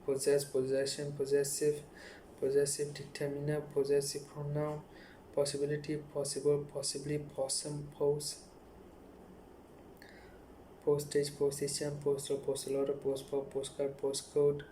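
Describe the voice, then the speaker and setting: A man reading dictionary headwords aloud one after another in a rapid, monotone list. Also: a little high, a little hiss or hum. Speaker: youtuber.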